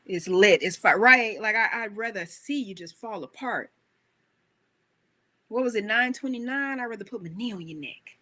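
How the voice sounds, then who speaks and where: A woman coach giving an animated, emphatic motivational talk, full of rhetorical questions. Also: mid-range voice, moderate pace.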